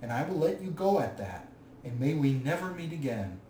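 Man doing a furious proud dwarf king, loud, roomy distant recording, light hiss. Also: fairly high pitch, big pitch swings, normal speed. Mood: cold, bitter. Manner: loud, raging shouts. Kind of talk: audiobook reading.

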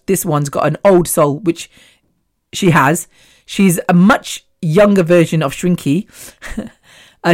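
A woman hosting her own podcast in a casual, rambling solo chat, laughing often between thoughts. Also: sits low. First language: Punjabi. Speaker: podcast host.

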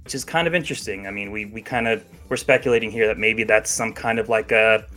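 A man with a fairly low but bright, forward voice talks about game news in a loose, chatty way. He hedges a lot with filler words and laughs easily. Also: steady tone, quick pace. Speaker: podcast co-host. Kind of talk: casual chat about video games.

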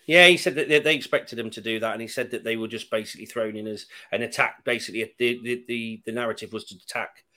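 A man in casual chat, an animated, sardonic storyteller who swears freely. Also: mid-range voice, quick pace, few pauses.

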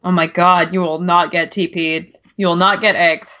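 A woman's voice: fairly low pitch, little pitch movement, normal speed, sharp tone, dull audio. A woman in her thirties co-hosting a podcast in casual chat, sarcastic and profane, laughing often. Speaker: podcast co-host.

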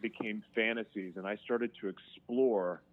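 A man telling his own story as an interview guest, frank and emotional, halting and restarting as he speaks. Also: on the low side, steady tone. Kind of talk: candid personal storytelling. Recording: tinny phone-line sound.

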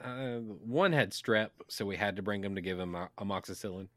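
A man's voice: on the low side, brisk, a bit bright, dry recording. A man, a laid-back podcast co-host telling a story in casual chat and swearing freely.

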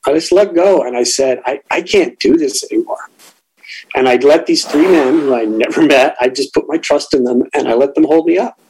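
Candid man telling his story haltingly. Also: a little high, darkish tone, slightly rough, low-quality recording. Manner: candid, halting, reflective with many restarts. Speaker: guest sharing a recovery story. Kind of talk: personal storytelling.

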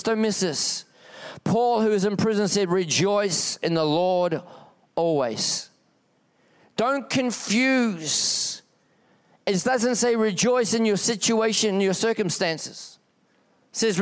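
A pastor preaches to his church in a high, smooth, resonant voice. He is passionate, leaning on repeated exhortations and swinging his emphasis up and down as he drives each point home. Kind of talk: sermon.

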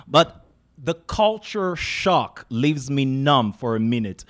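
A man's voice: medium pitch, very animated, slow, fairly bright tone. A man from Calabar with a Nigerian accent, performing spoken-word poetry with dramatic emphasis and rhythmic repetition.

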